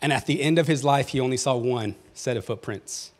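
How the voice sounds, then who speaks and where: A man preaching a sermon from the pulpit, his voice sitting at an ordinary middle pitch. He reads scripture aloud and pushes his lines with rising emphasis. Every so often he calls straight out to the congregation. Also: brisk. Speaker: pastor. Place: church sanctuary.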